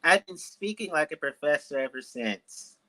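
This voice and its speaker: A man of about thirty from Washington, D.C., telling his life story as an author guest in an interview, in a deliberate, measured and articulate way. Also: a little high, animated, bright, forceful tone, low-quality recording.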